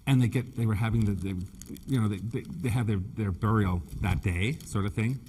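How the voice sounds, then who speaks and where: Man, husky voice, campy chatty stage presenter with a slight stutter. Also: fairly low pitch, brisk, dark tone. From Nova Scotia, Canada. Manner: chatty, teasing, camp humor, calls people honey and dear; stutters a bit. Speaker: floral designer presenter. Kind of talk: live stage demonstration talk. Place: main stage at a trade show.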